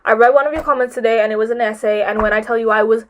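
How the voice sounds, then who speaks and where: A woman's voice: a little high, fairly even intonation, rapid-fire, slight background noise. A teenage girl vlogging advice to her viewers, gushing and rambling with lots of filler words, emotional and close to tears. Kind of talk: casual advice vlog.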